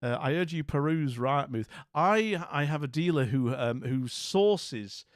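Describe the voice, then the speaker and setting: A man's voice: on the high side, expressive, measured pace, no echo, studio quality. A man with an English accent hosting a casual livestream, rambling and jokey with lots of restarts. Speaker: livestream host.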